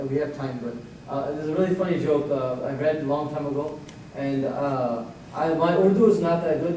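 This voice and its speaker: A man teaches a Quran class in a mellow, fairly high voice. He explains Arabic words and recites verses quickly. He is recorded from a distance in a very echoey room with faint noise behind him.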